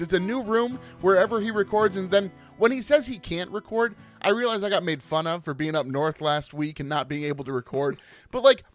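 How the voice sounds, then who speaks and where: A man hosting a casual sports podcast, teasing his co-host in a playfully dramatic way. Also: high-pitched. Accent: Minnesotan.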